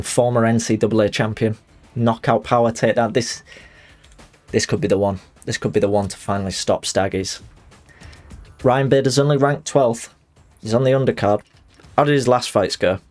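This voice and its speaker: A man's voice: on the low side, a little mellow. Chatty man streaming a game. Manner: chatty, joking, acts out voices. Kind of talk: live game commentary.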